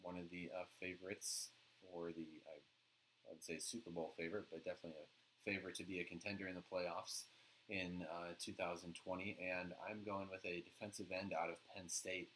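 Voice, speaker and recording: A man co-hosting a sports podcast in casual chat, relaxed and steady as he leads each segment. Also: low voice, fairly quick, a little hiss or hum, poor audio. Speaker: podcast co-host.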